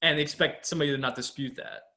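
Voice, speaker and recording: A young man co-hosting a podcast, chatting casually in a blunt, animated way and swearing a lot. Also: on the high side, fast talker. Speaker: podcast co-host. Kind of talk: casual chat.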